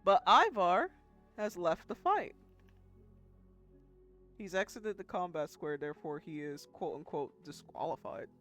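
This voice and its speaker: A woman's voice: lowish voice, animated, unhurried, pauses often, fairly bright tone, faint music behind. A woman running a tabletop game as dungeon master, narrating in a casual, chatty way and swearing freely.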